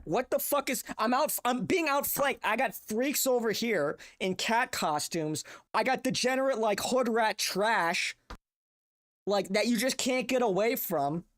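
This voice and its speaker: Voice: mid-range voice, animated, measured pace. A young adult streamer ranting casually, profane, exasperated and rambling. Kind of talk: casual livestream rant.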